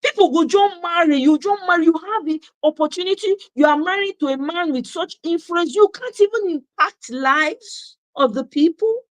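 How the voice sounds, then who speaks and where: A woman's voice: extremely high pitch, normal speed, few pauses, no echo. A woman with a Nigerian accent delivering an impassioned monologue, repeating herself for emphasis and slipping into Pidgin asides. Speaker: commentator. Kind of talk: passionate monologue.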